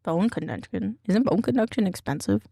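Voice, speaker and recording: A woman's voice: medium pitch, sing-song, moderate pace, mellow, slightly rough, no room sound. Cranky muttering woman streamer. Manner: cranky, rambling, swearing, mutters to herself. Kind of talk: casual stream chat.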